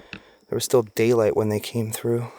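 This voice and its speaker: A man's voice: fairly low pitch, monotone, measured pace. Jittery young man in a night forest. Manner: jumpy and nervous, swears often, calls out into the dark. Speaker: solo camping vlogger. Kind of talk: casual vlog commentary.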